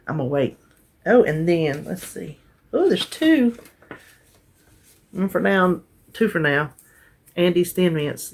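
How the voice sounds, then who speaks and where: A woman's voice: deep voice, creaky, husky. A woman chatting casually to camera as a vlogger, talkative and heartfelt. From North Carolina, USA. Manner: chatty, warm-hearted, trails off and restarts.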